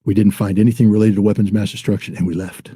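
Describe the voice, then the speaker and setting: A former weapons inspector in his sixties tells his story as a guest, his voice deep-toned, dark and husky. He talks bluntly and acts out the back-and-forth of past conversations. The sound is dry and close, with no room echo. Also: flat delivery, racing. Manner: blunt, acts out quoted dialogue. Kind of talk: storytelling in an interview.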